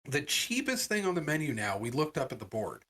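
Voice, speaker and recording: A man co-hosting a podcast in casual chat, telling an animated story and acting out the voices of the people in it. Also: on the high side, fairly quick. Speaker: podcast co-host.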